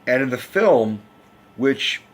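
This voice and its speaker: A man from the United States giving a loud, profane, rambling movie review in a casual rant. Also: mid-range voice, animated, slow. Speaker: film reviewer.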